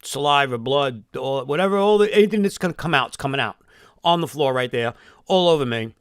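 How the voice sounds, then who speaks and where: A man's voice: mid-range voice, lively intonation, fairly quick, smooth, no echo, studio quality. A man telling a long emotional story in a rambling live-stream monologue, swearing often.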